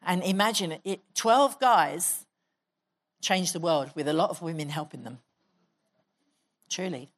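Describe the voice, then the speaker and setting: Lady pastor preaching in church, kinda low voice, leading everyone in prayer. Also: a little slow, long pauses. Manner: exhorting, leads the congregation in prayer. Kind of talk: sermon with prayer and prophecy. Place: church hall.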